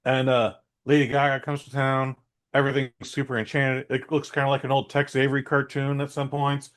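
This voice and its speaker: A man's voice: flat delivery, a little fast, a bit bright. A man co-hosting a podcast in casual chat, rambling through stories and correcting himself as he goes. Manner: rambling storyteller, self-correcting, does squeaky voices for quotes. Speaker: podcast co-host.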